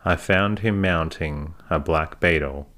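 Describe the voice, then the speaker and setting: Deep deep male voice narrating a story, slow and measured, audiobook feel. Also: fairly bright tone.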